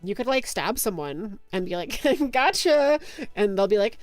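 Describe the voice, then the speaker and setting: A woman's voice: medium pitch, lively intonation, fairly quick, a little mellow, no room sound, soft background music. A young woman streaming, chatting casually and giggling as she reads chat aloud.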